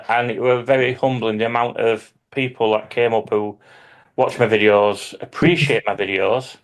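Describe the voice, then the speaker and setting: A man, a hobby YouTuber, telling lively anecdotes in casual chat with some swearing. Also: medium pitch, moderate pace.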